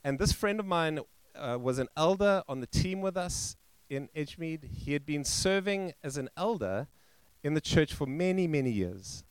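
A male pastor telling a story in a sermon, halting and restarting, and acting out the quoted voices. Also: fairly high pitch, expressive, smooth, no room sound. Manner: halting, with frequent restarts and fillers. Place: church.

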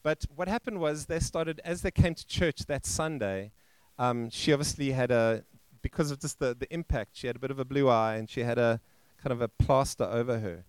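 A male pastor telling a story in a sermon, halting and restarting, and acting out the quoted voices. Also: mid-range voice, smooth, no room sound. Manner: halting, with frequent restarts and fillers. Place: church.

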